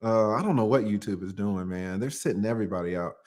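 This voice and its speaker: A man's voice: lowish voice, quick pace, a little mellow. A man hosting a livestream, joking and laughing often as he reads viewer super chats aloud in casual chat.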